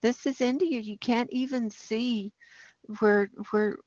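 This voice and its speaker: A woman hosts a livestream, talking slowly and with rising alarm as she points out data on a map. The sound is dry and a little dull, with no room around it. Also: a little high, fairly even intonation, a little mellow, no echo. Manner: alarmed, ranting, talks over a map. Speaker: livestream host. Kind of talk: livestream commentary on data maps.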